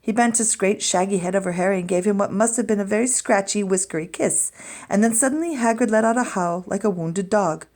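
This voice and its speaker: A woman teacher reading a chapter of a children's book aloud to her students in a clear, expressive storytelling voice. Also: mid-range voice, brisk.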